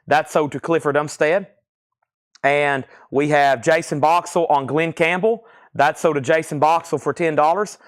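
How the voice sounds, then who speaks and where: A man's voice: fairly high pitch, fairly bright tone. Man rattling off record prices live. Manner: rattles off items and prices, corrects himself often. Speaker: live record sale host. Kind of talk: live online sales stream.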